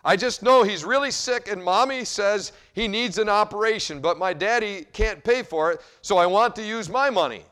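A man's voice: sits high, moderate pace, hardly any pauses, fairly bright tone, clear, resonant tone, voice pushed up. A man putting on an earnest little girl. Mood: pleading. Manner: pleading, insistent.

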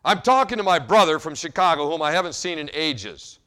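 A busy pharmacist in a sermon story who is short and impatient, his voice loud and sharp, as a preacher acts him out. He has no time for interruptions. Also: fairly high pitch, expressive, brisk, big-room sound. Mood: annoyed. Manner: curt, impatient. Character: busy, annoyed male pharmacist.

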